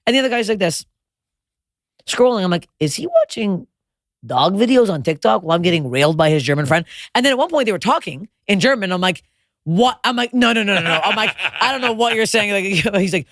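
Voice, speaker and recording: A woman's voice: medium pitch, no echo, studio quality. A woman comedian telling a crude, self-mocking story in casual podcast chat. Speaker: comedian guest.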